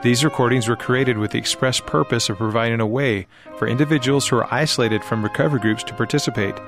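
A man reads a formal scripted introduction in a measured voice of middling pitch. Clear music plays underneath him throughout. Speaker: program narrator. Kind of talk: scripted narration.

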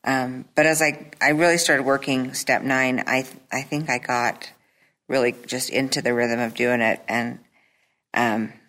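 Low-voiced woman sharing hesitantly. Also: steady tone, unhurried, fairly bright tone. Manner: hesitant, many fillers and restarts. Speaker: recovery meeting member sharing. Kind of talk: personal testimony at a support meeting.

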